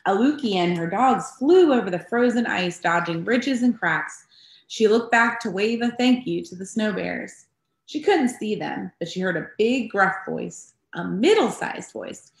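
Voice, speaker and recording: A woman pastor reads a picture book aloud to children at a slow, gentle pace. She is animated and often stops to ask her young listeners questions. The voice echoes in a roomy space. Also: mid-range voice, vocal fry. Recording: roomy echo.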